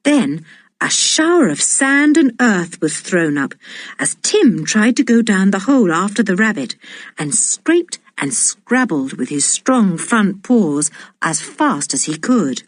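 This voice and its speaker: A woman reading a children's adventure audiobook aloud in a slow, deliberate and expressive way. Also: medium pitch, dry recording, clean studio sound. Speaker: audiobook reader. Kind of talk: storybook narration.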